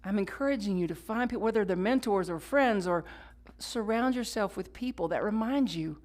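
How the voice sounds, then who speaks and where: Woman pastor preaching, loud then whispered. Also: medium pitch, lively intonation, moderate pace. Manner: swings from loud emphatic lines to hushed whispers; leads the congregation in call-and-response. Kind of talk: sermon.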